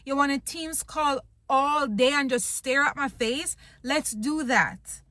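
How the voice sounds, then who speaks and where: A woman's voice: high-pitched, slow, few pauses, bright, forceful tone, dry recording. A young woman vlogging, venting bluntly and with plenty of swearing about wanting to quit her job. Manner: frustrated, blunt, swears a lot. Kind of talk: venting to camera.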